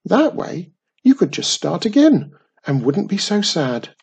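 A man's voice: sits high, sing-song, measured pace, gravelly, husky, voice pushed up, full character voice. A man doing a curious little witch girl. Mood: eager.

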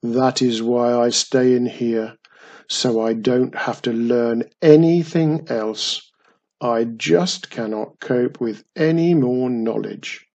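A man's voice: medium pitch, takes it slowly, vocal fry, dull audio. A man doing a growling grumpy old goblin. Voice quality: growling, loud.

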